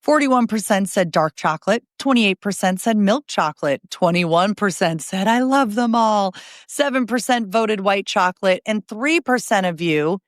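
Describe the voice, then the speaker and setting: A woman hosting a news podcast, reading headlines briskly and adding chatty asides between stories. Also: mid-range voice, animated, no echo, studio quality.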